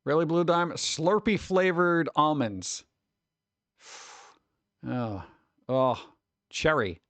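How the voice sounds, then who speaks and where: A man's voice: a little high, sing-song, slow, fairly bright tone, no echo. Sarcastic streamer man from New York. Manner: sarcastic, mumbled asides. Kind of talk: casual live-stream chat.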